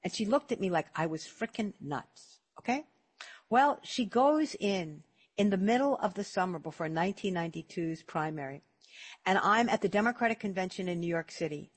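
An older woman hosts a radio talk program with a husky, slightly breathy voice. She tells stories with animated emphasis and leans on repeated words to drive her points home. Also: on the low side, moderate pace. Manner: animated storytelling, emphatic repetitions. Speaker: radio talk show host. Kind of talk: casual talk radio chat.

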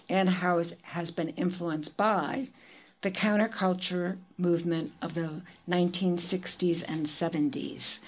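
A woman's voice: fairly low pitch, a little mellow. A woman hosting a poetry event, speaking in a chatty, informal way with fillers. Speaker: event host.

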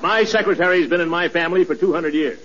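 An actor playing a pompous, boastful middle-aged neighbor on a 1940s radio comedy. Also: male voice, fairly high pitch, quick pace, lo-fi sound, heavy background noise, natural voice.

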